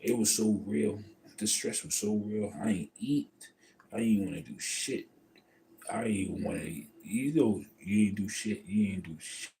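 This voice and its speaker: A man in a casual livestream monologue, telling a story in a profane, emphatic and rambling way. He swings between loud outbursts and low mutters. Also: measured pace, a little hiss or hum, low-quality recording. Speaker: livestream host.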